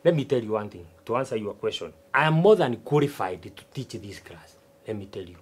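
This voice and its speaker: An older male voice, fairly low with a breathy edge, belongs to a substitute teacher acting in a TV sitcom. He portrays a stubborn, boastful retired farmer, swooping animatedly through drawn-out, self-important asides.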